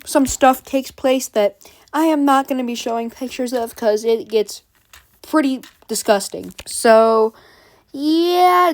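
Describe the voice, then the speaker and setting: A woman with a fairly high voice chats her way through a comic book story, retelling it scene by scene in a casual, animated manner.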